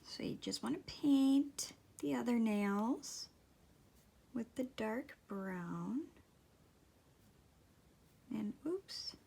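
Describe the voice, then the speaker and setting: A middle-aged woman giving a casual nail tutorial at home, talking slowly and softly, often dropping to near-whispers. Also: fairly high pitch, lively intonation, gravelly, breathy edge. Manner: slow, soft-spoken, drops to near-whispers. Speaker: beauty vlogger. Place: home, at a table.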